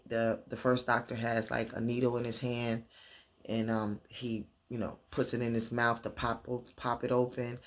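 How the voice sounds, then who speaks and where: Man, mid-pitched, casual TV recap, rambling, filler-heavy. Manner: chatty, rambling, full of fillers and restarts. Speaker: TV recap vlogger.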